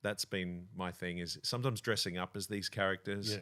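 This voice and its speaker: A relaxed Australian man, a comedian and impressionist, chatting casually as a podcast guest and laughing easily. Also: deep voice, normal speed.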